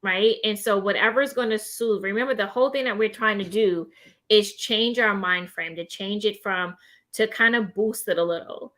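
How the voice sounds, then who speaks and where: A woman's voice: mid-range voice, normal speed. A woman host in a casual chat about mental health who gives practical advice, laughing often and tagging her points with "right?". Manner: animated, laughs often, many "right?" tags. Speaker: gives advice to people with depression.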